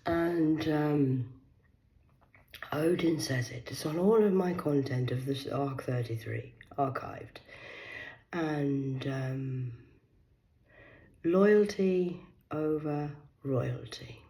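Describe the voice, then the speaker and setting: Woman vlogging solo, rambling and foul-mouthed, dropping to whispers then flaring loud. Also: extremely low pitch, fairly even intonation, slow pace, low-quality recording. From Cornwall, England. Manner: profane, rambling, veers between hushed whispers and loud outbursts. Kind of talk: rambling solo monologue to camera.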